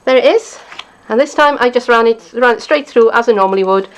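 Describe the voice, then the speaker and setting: A woman demonstrating card-making, chatting and thinking aloud as she works, sometimes dropping to a quiet mutter. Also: fairly high pitch, fairly quick, a little hiss or hum. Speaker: craft demonstrator.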